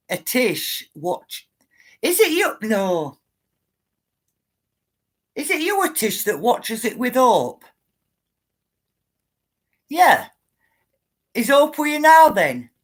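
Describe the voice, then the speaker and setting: A woman's voice: fairly high pitch, sing-song, slow, pauses often. A woman, chatting live to viewers, greeting them by name and ranting now and then. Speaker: livestream host. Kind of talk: casual livestream chat.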